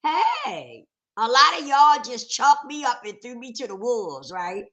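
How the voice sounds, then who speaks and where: A woman hosting a casual livestream, hoarse and rough-voiced from a cold, greeting viewers in a lively, chatty way. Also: high-pitched, a little slow, highs cut off. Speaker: livestream host.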